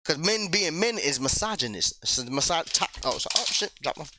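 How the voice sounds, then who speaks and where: A man's voice: a little high, very animated, a little fast, noisy background. A man hosting a reaction video, talking casually and profanely and laughing often.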